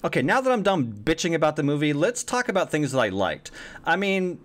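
A man giving a casual spoken movie review, animated and swearing freely, with lots of fillers. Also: on the high side, fairly quick.

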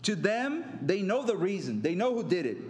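A man's voice: high voice, very animated, moderate pace. A middle-aged man preaching a sermon as pastor, telling stories and acting out quotes conversationally. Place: church sanctuary. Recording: echoey church hall.

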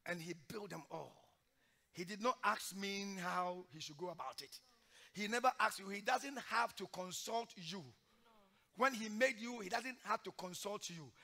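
A male pastor preaching a sermon in church, swinging from loud, forceful exhortation to hushed, emotional storytelling. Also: high-pitched, gravelly. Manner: sings hymn lines slowly during the sermon.

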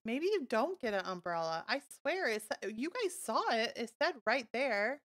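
A woman game streamer chatting live with her viewers in a bubbly, gushing way, easily thrilled by new items. Her voice is bright and ringing, and it sits a little higher than most women's. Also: big pitch swings, normal speed. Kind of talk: casual live-stream chat while playing.

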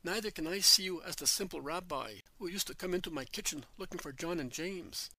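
A man's voice: high voice, animated, a little fast, no echo, full character voice. A man reading a humble, fond woman disciple. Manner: soft, humble speech.

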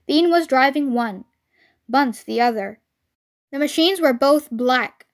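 A woman's voice: sits high, slow. A woman reading a children's storybook aloud expressively, as a storyteller.

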